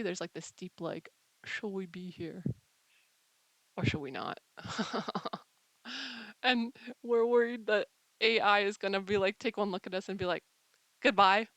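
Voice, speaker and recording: A woman's voice: mid-range voice, fairly bright tone, dry recording, low-quality recording. A woman host musing in a casual monologue, playful and rambling, with mock drama. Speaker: channel host.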